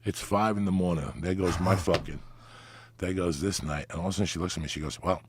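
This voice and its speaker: A man's voice: low-pitched, fairly even intonation, fast talker, noisy background. A middle-aged man from New Jersey, a podcast guest telling raunchy, profane stories and acting out the quoted lines. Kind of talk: raunchy storytelling. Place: podcast studio.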